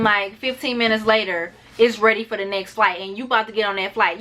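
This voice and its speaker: A woman's voice: medium pitch, a bit bright. A woman chatting her way through a casual packing vlog, rambling a little and talking to her viewers as y'all. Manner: talks fast at times to keep it short. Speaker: travel vlogger.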